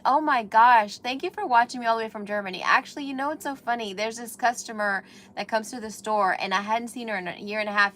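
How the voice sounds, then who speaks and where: A woman's voice: on the high side, fairly bright tone, a little hiss or hum. A woman hosting a craft livestream, chatting with viewers while she works with paper and glue at her table. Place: indoors at a craft table under bright lights.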